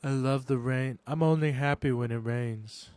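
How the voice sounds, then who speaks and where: A man's voice: mid-range voice, steady tone, normal speed, a little mellow, clean tone, dry recording. A man co-hosting a comedy podcast, bantering playfully with jokes and swearing. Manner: playful, joking, profane banter. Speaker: podcast co-host. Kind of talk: casual podcast chat.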